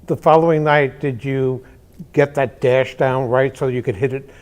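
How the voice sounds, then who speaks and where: A man's voice: medium pitch, fairly even intonation, normal speed. A man hosting an interview, asking questions with many fillers and restarts. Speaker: interview host.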